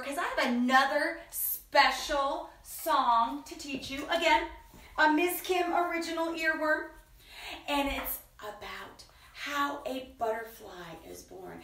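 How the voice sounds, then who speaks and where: A woman reading a picture book aloud to children in a playful, sing-song way, dipping into soft whispers. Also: sits high, far from the mic. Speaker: children's storyteller. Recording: roomy echo, voice from away from the mic.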